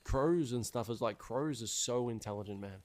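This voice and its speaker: A young man chatting casually while streaming a game, rambling and swearing with animated wonder. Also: mid-range voice, moderate pace, no echo. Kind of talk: casual chat while gaming.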